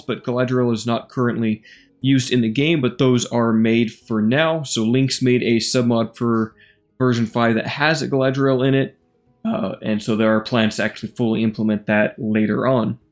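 Relaxed man narrating his gameplay. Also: mid-range voice. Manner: relaxed, rambling, thinking aloud with fillers. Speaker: gaming YouTuber. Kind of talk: casual gameplay commentary.

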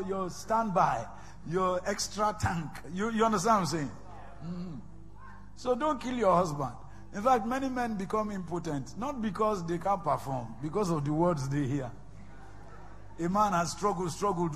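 High, animated Nigerian preacher. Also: male voice. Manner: animated preaching, swinging between shouts and whispers. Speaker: pastor. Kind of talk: sermon. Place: large church hall. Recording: reverberant hall with faint music.

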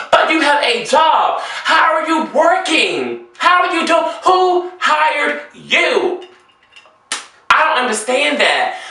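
A man's voice: very high voice, pushed and bright. A man vlogging about fashion and customer service in a dramatic, flamboyant rant, calling viewers girl and honey. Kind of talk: sassy ranting monologue to viewers. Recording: echoey room, distant from mic.

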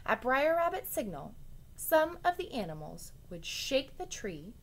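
Slow, expressive teacher reading aloud. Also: female voice, mid-range voice. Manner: expressive, with chatty asides to children. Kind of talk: reading a story aloud to students.

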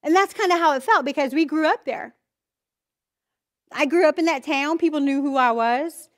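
High-voiced woman giving candid testimony. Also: normal speed. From Idaho, US. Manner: candid, emotional storytelling with acted inner voices. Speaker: church speaker giving testimony. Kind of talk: personal testimony talk.

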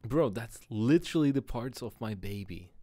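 A man's voice: mid-range voice, expressive, normal speed, dark tone, no echo. A young man giving laid-back, joking commentary while streaming a game. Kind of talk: casual gameplay commentary.

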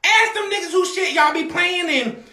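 Loud, high-pitched rambling man on a livestream. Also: moderate pace, roomy sound, a little hiss or hum. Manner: loud, rambling, often shouting, profane. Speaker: rapper hosting a livestream. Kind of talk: casual livestream talk to viewers.

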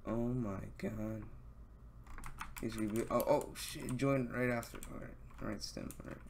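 A young man live-streaming a game, talking casually and excitedly, swearing a lot as he fanboys over another player. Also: medium pitch, a little slow, creaky, slight background noise. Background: keyboard typing and mouse clicks.

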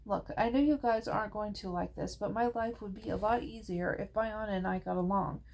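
A woman's voice: medium pitch, a little fast, creaky, darkish tone, slight background noise, natural voice, rough recording. A woman reading as a wary preteen girl heroine.

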